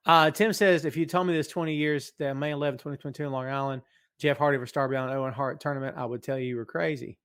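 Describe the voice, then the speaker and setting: A middle-aged man hosting a live wrestling podcast from his office, reading out chat comments in an animated, hyped way. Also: fairly high pitch, brisk. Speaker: podcast host. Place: home office.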